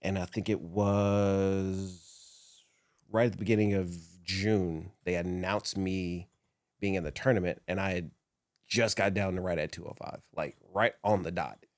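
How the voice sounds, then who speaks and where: Low-voiced man telling a story. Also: fairly even intonation, measured pace, no echo, studio quality. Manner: laughs often, emotional recollection. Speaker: interview guest, former wrestler. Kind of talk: casual storytelling.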